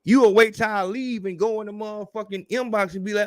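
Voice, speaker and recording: A man with a high, light voice hosts a podcast and rants in a loose, profane way. He is animated and keeps slipping into mocking impressions of other people. The sound is close and dry, with no room echo. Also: normal speed. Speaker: podcast host. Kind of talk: casual rant.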